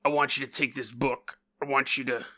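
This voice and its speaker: A man voicing a dying male highwayman from the 1800s in an old-fashioned put-on drawl. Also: level tone, fairly quick, bright, forceful tone. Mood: old-timey plea.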